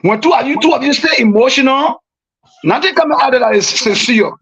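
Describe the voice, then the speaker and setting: A pastor speaks over a dull, lo-fi phone line, his voice high and husky. He lays out his points one by one in a patient, preacherly way. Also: lively intonation, a little fast, fairly bright tone. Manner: explanatory, preacherly advice. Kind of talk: radio call-in discussion. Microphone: phone call.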